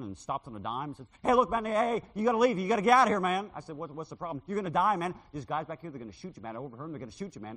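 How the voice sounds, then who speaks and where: A male preacher delivers a sermon with a lively, swooping delivery and a bright, forceful tone. His voice rings out with a long reverb, as if he is in a large hall. He slips into dramatic voices when retelling stories. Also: medium pitch, slightly rough. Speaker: street preacher. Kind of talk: sermon with personal story.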